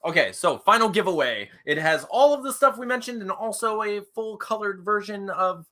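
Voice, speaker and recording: A young man co-hosting a live comics stream, rambling and excitable, laughing often. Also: sits high, moderate pace, a little hiss or hum. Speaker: co-host of a comics show.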